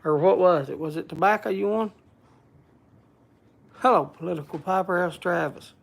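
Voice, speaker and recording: Guy livestreaming from his cabin, gravelly voice, chatty, says hi to everybody in chat. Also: high-pitched, moderate pace. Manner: chatty, greets viewers by name. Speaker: livestream host. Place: log cabin in the woods.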